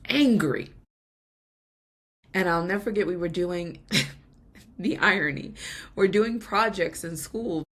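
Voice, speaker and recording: Woman podcast host, low husky voice, earnest confessional testimony, emotional. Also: takes it slowly, pauses often, a bit bright. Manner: earnest and confessional, laughs between lines. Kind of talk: personal faith testimony.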